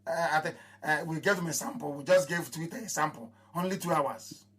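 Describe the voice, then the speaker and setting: Husky Nigerian man proclaiming to followers. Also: a little fast, fairly bright tone. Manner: declamatory, repeats phrases, swings between raised proclamations and low mutters. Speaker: movement leader addressing followers. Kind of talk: impassioned live broadcast address.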